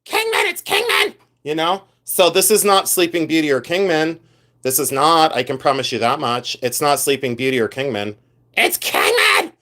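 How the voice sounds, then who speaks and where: Here a middle-aged man with a fairly high voice and moderate pace hosts a reseller live stream. He chats animatedly, shows his finds, and reads out what viewers comment. He plays up shouting collectors for laughs.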